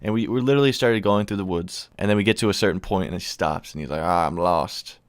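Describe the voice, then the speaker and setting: A man's voice: lowish voice, expressive, fast talker, no echo. Rambling, profane young man telling a story. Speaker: vlogger. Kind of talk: casual storytelling.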